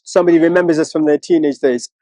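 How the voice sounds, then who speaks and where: Man, high voice, dry close sound, animated storyteller, mocking impressions. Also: very fast, no room sound, low-quality recording. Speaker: co-host, one of twin brothers. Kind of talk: casual conversational interview.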